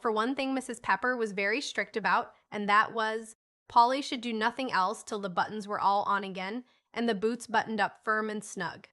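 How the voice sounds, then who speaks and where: A woman reading a classic novel aloud as an audiobook narrator, with expressive, clear delivery. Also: medium pitch, normal speed. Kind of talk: scripted narration.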